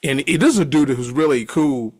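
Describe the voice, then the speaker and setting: A middle-aged man telling a story casually, animated, laughing often and swearing freely. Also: fairly high pitch, normal speed.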